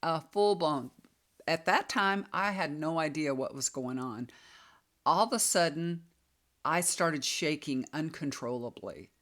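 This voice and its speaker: A woman's voice: low voice, measured pace, a bit bright. Lady in her 50s, chatty and confiding, talking straight to her viewers. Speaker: tarot reader and healer. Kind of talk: personal storytelling vlog.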